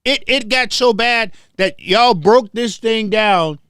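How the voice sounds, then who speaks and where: A man's voice: high voice, slow pace, fairly bright tone, clean tone, dry recording, clean studio sound. A man from Memphis hosting a heated commentary monologue, confrontational and emphatic, hammering points home by repeating them. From Memphis, southern US. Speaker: host.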